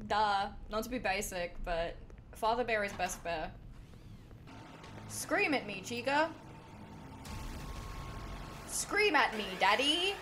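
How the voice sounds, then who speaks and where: A woman streaming a game, chatting to her audience in excitable, foul-mouthed commentary. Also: on the high side, background noise. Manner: excitable, swears a lot, talks to the chat. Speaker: gaming streamer. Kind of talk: let's-play commentary.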